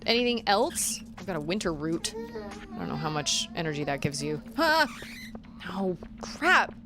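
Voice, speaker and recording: A woman in her thirties chatting casually as she streams a video game, chatty and quick to giggle. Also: on the low side, wildly swooping pitch. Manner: chatty, giggly, talks to chat. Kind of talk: casual gameplay chat. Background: game music.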